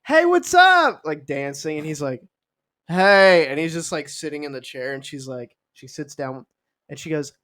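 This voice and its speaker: High-voiced playful male co-host. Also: steady tone, normal speed, a bit bright. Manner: playful, riffs on the story with quoted voices. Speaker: podcast co-host. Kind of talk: casual comedic chat.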